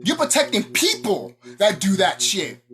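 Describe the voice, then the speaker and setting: Animated, angry ranting woman. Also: medium pitch, measured pace, soft background music. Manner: angry, profane, confrontational. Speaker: vlogger. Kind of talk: ranting monologue to camera.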